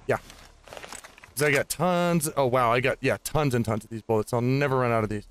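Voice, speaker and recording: A man's voice: medium pitch, moderate pace, clear, resonant tone, no room sound. A man giving casual, rambling commentary on his own gameplay, chatting aloud to the enemies he fights. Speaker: gaming host.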